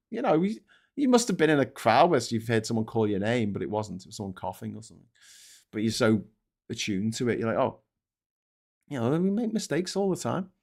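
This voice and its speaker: A middle-aged British man hosting a casual live stream, rambling, swearing often and mocking himself as he reads comments and papers. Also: medium pitch. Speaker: host.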